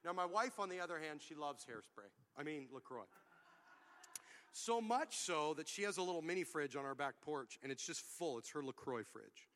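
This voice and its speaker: A man's voice: fairly high pitch, lively intonation, moderate pace, slight background noise. A man preaching a sermon to his church, mixing funny stories with rising, fervent calls to his congregation. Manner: humorous storytelling, building to loud preaching. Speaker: pastor.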